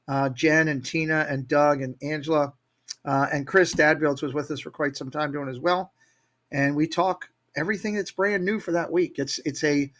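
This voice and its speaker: Upbeat man, fairly high voice. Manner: energetic, upbeat, motivational. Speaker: guest, Disney YouTube creator. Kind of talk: casual interview storytelling.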